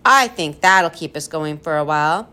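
A woman voicing a jolly, excitable old male professor who booms and laughs at his own jokes. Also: moderate pace. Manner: hearty, booming, laughing.

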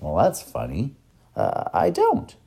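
A man's voice: low-pitched, wildly swooping pitch, slow, vocal fry, dark tone, breathy edge, heavily acted. A man voicing a plain, matter-of-fact young boy in a storybook reading.

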